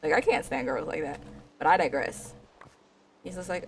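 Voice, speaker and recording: A woman's voice: lowish voice, big pitch swings, normal speed, creaky, long pauses, slight background noise. A woman streamer casually retelling an anime story while playing, rambling with slang and asides. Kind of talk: casual gaming stream chat.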